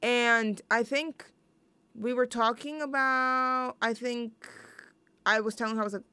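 A young woman hosts a radio show, rambling and joking at her own expense between songs. Her voice sits a little high, smooth and resonant. The mic is close and dry, with no room sound. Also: steady tone, a little slow, bright, forceful tone, no room sound. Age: young adult. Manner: rambling, self-deprecating and jokey. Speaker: student radio host.

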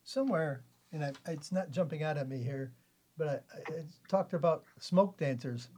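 A folksy radio host leading a relaxed chat with guests. The voice is husky and a bit breathy, at a middle pitch. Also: normal speed. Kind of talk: casual radio interview.

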